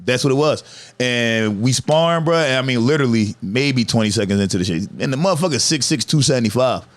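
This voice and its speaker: A man's voice: medium pitch, lively intonation, a little fast. A man in his thirties telling stories in a casual, profane podcast chat, laughing as he goes. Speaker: podcast guest, comedian.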